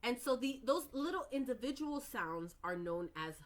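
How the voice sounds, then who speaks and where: A woman teaching early reading skills, slowly modelling words and sounds with patient explanations. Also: fairly high pitch, lively intonation. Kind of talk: instructional lecture.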